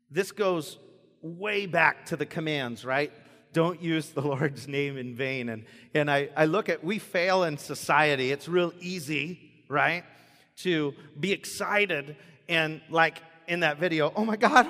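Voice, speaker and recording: A man preaching a sermon in a church, playful and animated, acting out stammering prayers. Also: a little high, in a large hall. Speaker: pastor.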